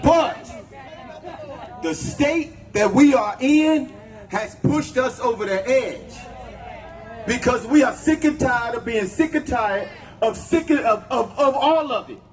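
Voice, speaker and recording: A man's voice: very high-pitched, animated, takes it slowly, faint music behind, rough recording. A man giving a raw, profane speech at an outdoor protest, leading the crowd in chants. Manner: angry, profane, leads chants. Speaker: protest speaker. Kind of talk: impassioned rally speech.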